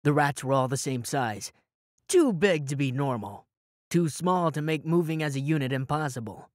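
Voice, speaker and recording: A man's voice: on the high side, animated, normal speed, dry recording, studio quality. A man narrating a first-person audiobook in a dramatic, wry way.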